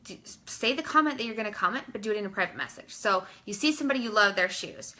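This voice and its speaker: Bright, chatty woman coaching her team. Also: mid-range voice, lively intonation, fast talker. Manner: chatty, addresses listeners as "you guys", frequent "like" fillers. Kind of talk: casual instructional talk.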